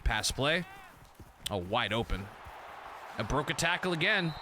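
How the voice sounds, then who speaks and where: A young man streams a football video game, commentating on plays casually, excitably, and profanely, often breaking into shouts. His voice is medium-pitched and measured in pace, with a noisy background.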